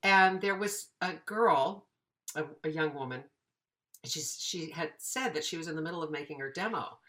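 A voiceover teacher in her fifties tells stories in a relaxed interview. Her voice is bright and sits a little low for a woman. She acts out the people in her anecdotes as she goes. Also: moderate pace. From United States. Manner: animated, acts out quoted dialogue. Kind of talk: casual storytelling interview.

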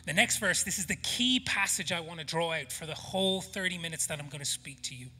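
A man in his thirties with an Irish accent, preaching a sermon with humor and passion, dropping to hushed near-whispers when he prays. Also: on the high side, quick pace, hardly any pauses, husky. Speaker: pastor. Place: church auditorium. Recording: echoey church hall.

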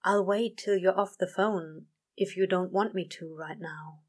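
A woman voicing a nervous male demon who talks softly and breathlessly. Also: lowish voice, a little slow. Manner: soft, breathless and murmured.

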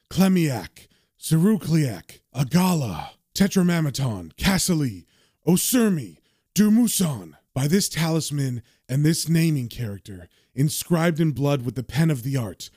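A man's voice: a little high, mellow, no room sound, clean studio sound, exaggerated voice. A man voicing a grim young male occultist who recites spells with solemn intensity in a comic book reading.

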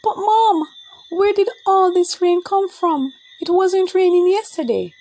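A woman voicing an excitable, curious young girl who squeals and exclaims her questions in a children's storybook. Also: high voice, unhurried, dry recording, voice pushed up. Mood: pleading.

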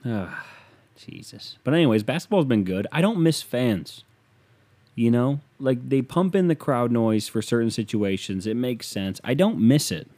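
A man's voice: medium pitch, sing-song, moderate pace, darkish tone. A young man from Ohio hosting a casual sports rant, profane and sarcastic.

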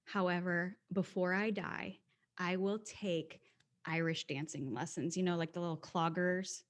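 A woman's voice: fairly low pitch, fairly even intonation, unhurried. A woman in her forties, a podcast guest, talking bluntly and emphatically in a casual interview. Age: 40s.

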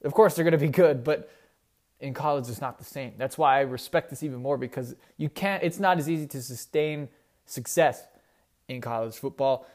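A man's voice: medium pitch, moderate pace, darkish tone. A young man hosting a casual solo sports talk show, rambling and correcting himself as he goes. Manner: rambling, self-correcting, conversational. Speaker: sports podcast host.

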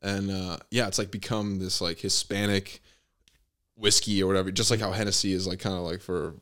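A man's voice: low-pitched, fairly even intonation, a little fast, a bit bright. A young man hosting a podcast, chatting casually and rambling, with lots of fillers and swearing. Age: young adult. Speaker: podcast host. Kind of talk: casual chat.

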